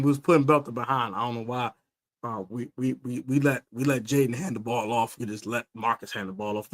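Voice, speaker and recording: A man's voice: medium pitch, steady tone, a little fast, dry recording. A man hosting a casual postgame fan livestream, rambling with lots of fillers and restarts, trash-talking rivals. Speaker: fan podcast host. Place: stadium area after a game.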